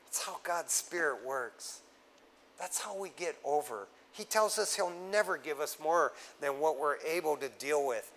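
A male pastor delivering a sermon with a slightly higher voice. He preaches in a relaxed, street-casual way and keeps calling his listeners "man." He rises into loud, urgent exhortation, then drops to low, hushed tones. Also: rough recording.

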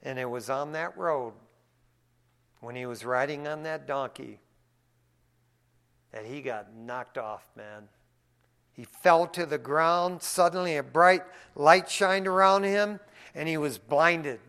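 A pastor preaching a sermon in a church, a man who swings from hushed asides to loud, excited preaching and speaks in a folksy way, often calling people "man". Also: on the high side, slow pace, pauses often, smooth.

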